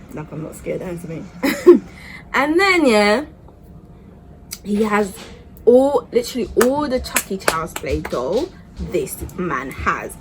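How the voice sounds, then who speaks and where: A young woman tells a story to camera in a chatty, animated way. Her pitch swings widely as she talks. A faint hiss of room noise sits under her voice. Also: poor audio. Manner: chatty, animated, keeps asking "yeah?". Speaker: vlogger. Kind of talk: storytime vlog.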